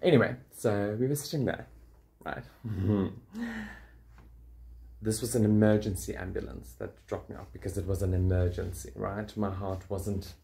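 This vlogger, a man with a South African English accent, speaks to the camera about something that happened to him, cracking jokes and cursing as he animatedly recounts it. The voice sits on the low side and is creaky, at a moderate pace.

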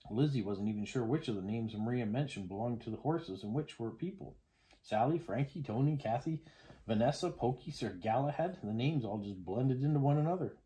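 A man reading a children's chapter book aloud as a parent, with gentle, expressive storytelling. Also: mid-range voice, brisk, low-quality recording.

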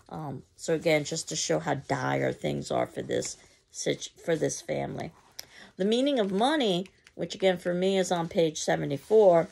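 Low, heavily creaky-voiced woman teacher. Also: a little mellow. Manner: measured, explanatory, with occasional ums and restarts. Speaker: literature teacher. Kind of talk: recorded literature lecture.

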